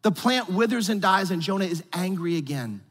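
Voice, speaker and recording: A man preaching a sermon with casual, animated delivery and slangy asides. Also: sits high, moderate pace, big-room sound. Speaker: pastor.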